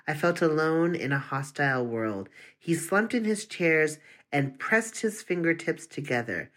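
Story reader, first person, steady and measured, mid pitch. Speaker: narrator.

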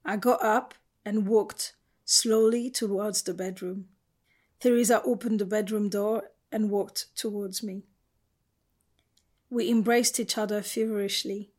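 Woman, audiobook narrator, first-person, measured and intimate. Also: medium pitch, fairly even intonation, darkish tone.

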